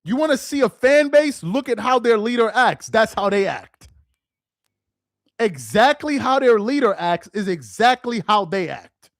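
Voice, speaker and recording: Worked-up guy going off about basketball fans, high voice jumping all over, dead dry room, aave slang. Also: very animated, moderate pace, a bit bright, dry recording. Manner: heated, mocking, repetitive rhetorical questions. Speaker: sports commentary host. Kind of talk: casual ranting commentary.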